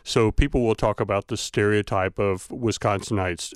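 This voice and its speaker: A man with a light Southern accent answers as an expert guest on a radio show. His voice sits low and sounds smooth and clean. He explains carefully and stops often to find his words, and the recording is dry. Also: fairly even intonation, no room sound. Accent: Southern American, light. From American South. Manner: thoughtful, explanatory, many uh pauses. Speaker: linguistics professor guest. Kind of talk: expert interview.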